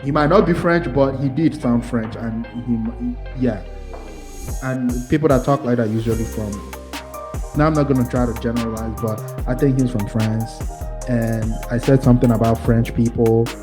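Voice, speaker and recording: A man's voice: mid-range voice, steady tone, normal speed, music in the background. A man hosting a reaction commentary video, talking in a rambling, hedging way and often restarting his sentences. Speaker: commentary channel host.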